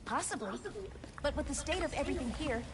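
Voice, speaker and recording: An actress voicing a small, gentle female robot sidekick who speaks formally and precisely in a video game. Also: sits high, lively intonation, fast talker. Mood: calm. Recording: roomy game audio with music.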